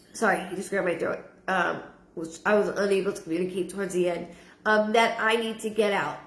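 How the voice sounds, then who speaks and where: Higher-pitched woman, halting psychic reading, roomy echo. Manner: halting, repeats words, frequent ums. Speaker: psychic medium. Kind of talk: live-streamed spirit reading.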